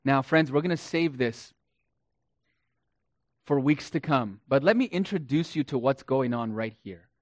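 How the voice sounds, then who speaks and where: A man's voice: mid-range voice, expressive, unhurried, pauses often, dry recording. A man preaching a sermon as pastor, emphatic and repeating key phrases for weight. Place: church.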